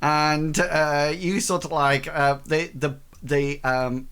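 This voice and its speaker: A male game master narrates a tabletop game with a slow, halting delivery. He stumbles over words and pads his sentences with ums, then jumps up high to shout out lines for the crowd. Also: level tone, smooth. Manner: halting, full of ums and restarts.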